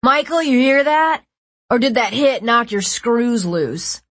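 A woman voicing a mocking teenage boy from a gang who jeers at his dazed leader, raising her voice higher and louder. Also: animated, takes it slowly, dry recording, full character voice. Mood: taunting. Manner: taunting, jeering.

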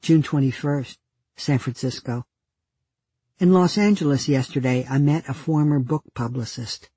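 Husky man reading dry diary entries. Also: mid-range voice, a little slow, no room sound. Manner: dry, deadpan humor. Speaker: narrator.

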